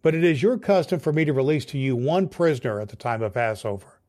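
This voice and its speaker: A man's voice: mid-range voice, expressive, fast talker, darkish tone, close to an everyday voice. A man reading the lines of a male Roman governor in a scripture reading, in raised, pointed questions. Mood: questioning.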